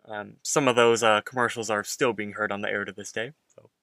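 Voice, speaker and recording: A young man in his twenties talks casually on a podcast, recapping a cartoon and acting out the characters' lines. His voice is bright and forceful, recorded close and dry. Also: on the low side, fairly quick, no room sound. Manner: animated, acts out characters' lines while recapping. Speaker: podcast co-host.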